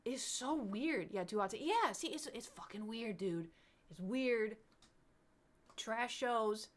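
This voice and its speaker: Rambling, animated young woman streamer. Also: fairly high pitch. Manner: rambling, animated, mocking quick impressions. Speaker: livestreamer. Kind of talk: casual stream chat with viewers.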